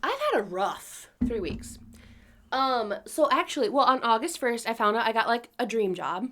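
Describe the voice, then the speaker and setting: A young woman co-hosts a podcast in loose, chatty conversation. She giggles a lot and swears offhandedly. Her voice sits a little high. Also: lively intonation, moderate pace, sharp tone. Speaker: podcast co-host. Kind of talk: casual chat.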